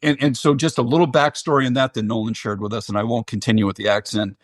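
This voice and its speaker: A man's voice: mid-range voice, fairly even intonation, quick pace, no echo. A middle-aged man as a podcast guest, speaking earnestly and reflectively with frequent restarts. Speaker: guest, baseball general manager. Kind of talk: podcast interview.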